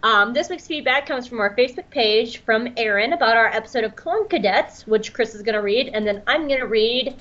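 A woman's voice: fairly high pitch, brisk, hardly any pauses, a bit bright. A woman co-hosting a podcast, chatting in a playful way with lots of "um"s. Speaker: podcast co-host. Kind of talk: casual chat. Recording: slightly dull lo-fi sound.

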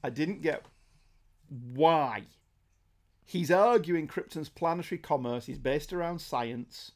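Brief: man, mid-pitched, wry and animated podcast co-host in casual chat. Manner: wry, animated, quick asides and jokes. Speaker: comic book podcast co-host.

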